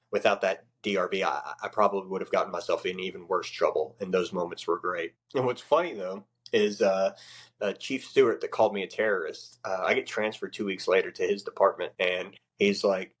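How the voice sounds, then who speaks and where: A man's voice: steady tone, a little fast, breathy edge. A man, a Navy chief and podcast guest, telling war stories in a blunt, profane way. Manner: blunt, profane, acts out quoted people in a much higher voice. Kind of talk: casual storytelling.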